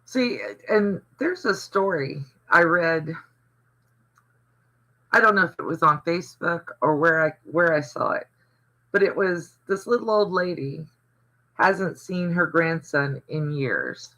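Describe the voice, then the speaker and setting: This older Southern man's fairly high voice is animated yet slow-paced, with a sharp tone, in a low-quality recording. Hosting a casual livestream, he's a chatty, rambling storyteller who reads viewer comments aloud.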